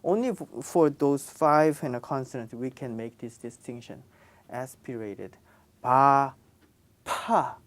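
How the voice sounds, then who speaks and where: A woman's voice: very deep voice, normal speed, darkish tone. A woman teaching pronunciation in a classroom lesson, patiently repeating each sound. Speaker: Korean language teacher.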